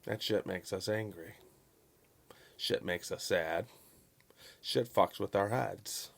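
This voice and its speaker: A man commenting on a local news story in a vlog, stressing words over and over and swinging between loud bursts and quiet asides. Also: on the low side, slow pace, gravelly. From Chicago. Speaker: YouTube commentator. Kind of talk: profane political commentary vlog.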